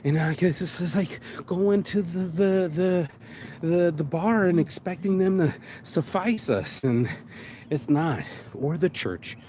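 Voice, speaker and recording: A vlog host with a high, dark-toned voice takes his time as he walks a rainy street, shaken from crying. He rambles through a raw, profane, emotional monologue, with slight background noise behind him.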